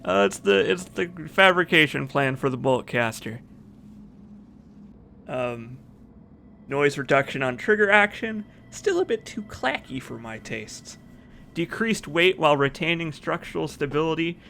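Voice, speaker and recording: Man, gamer commentary, bright tone, animated pitch, chatty, reading notes aloud. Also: measured pace, vocal fry, slight background noise. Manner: chatty, giggly, reads in-game notes aloud. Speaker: let's play streamer. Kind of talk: casual gameplay commentary.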